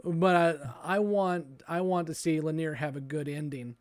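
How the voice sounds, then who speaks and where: A man's voice: a little high, moderate pace, darkish tone, dry recording. Male podcast host, casual and musing, reads listener questions, dry close sound. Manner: reads listener questions, thinks aloud with hesitations.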